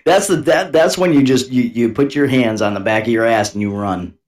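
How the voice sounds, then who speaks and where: A man's voice: mid-range voice, a little fast, a little mellow. A man co-hosting a podcast, teasing and telling crude stories in casual chat. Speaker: podcast co-host.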